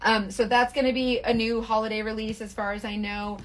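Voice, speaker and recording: A young woman, chatting casually through a live-stream makeup tutorial, gushing over products and quickly apologizing for her own bluntness. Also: a little high, flat delivery, a crowd in the background. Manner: chatty, gushing, quick self-deprecating asides.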